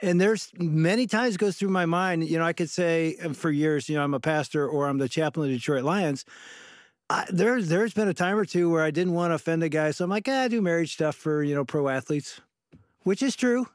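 A man's voice: a little high, fairly quick, no room sound, studio quality. A middle-aged man co-hosting a radio talk show, telling a story and acting out the quoted voices with energy. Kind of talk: storytelling in a conversation.

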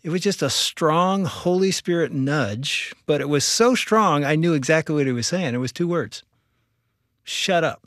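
A man, a pastor, earnestly recounting a personal testimony about his marriage in a relaxed interview. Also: on the high side, a little slow, long pauses, no room sound, clean studio sound. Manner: earnest, reflective storytelling. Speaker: pastor and guest speaker.

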